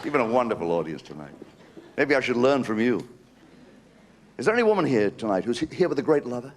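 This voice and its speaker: A man's voice: medium pitch, big pitch swings, fast talker, long pauses, some chatter behind. A man doing a live stand-up routine, telling cheeky stories and throwing asides to the audience. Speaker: stand-up comedian. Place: live show venue. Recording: noisy live stage recording.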